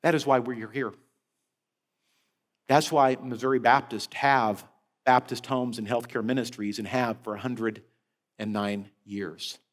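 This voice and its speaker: A man preaching a sermon as head of a senior-care ministry, telling a story with animated rises and falls. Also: mid-range voice, measured pace, pauses often. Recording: long hall reverb.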